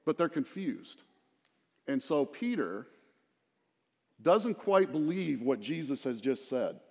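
Storytelling preacher with long hall echo. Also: male voice, a little high, sing-song, takes it slowly, dark tone. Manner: conversational, storytelling preacher with asides to the congregation. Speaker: pastor. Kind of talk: sermon.

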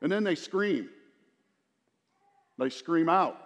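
A middle-aged man giving a sermon, talking with his listeners, breaking into asides and retelling the scene as a story. His voice sits a little high for a man. The sound trails off in a long hall reverb. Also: animated, takes it slowly, a bit bright. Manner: conversational, storytelling preacher with asides to the congregation. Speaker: pastor.

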